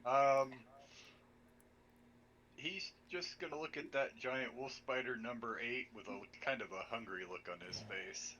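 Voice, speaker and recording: A man's voice: medium pitch, measured pace, pushed and bright, highs cut off, a little hiss or hum. A man playing a tabletop game in casual chat, eager and enthusiastic about his character, heard over an online voice call. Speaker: player.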